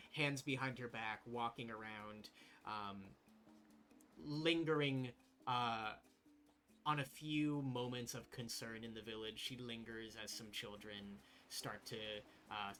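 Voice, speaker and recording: A man narrating a tabletop role-playing game as game master, relaxed and descriptive with frequent fillers. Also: mid-range voice.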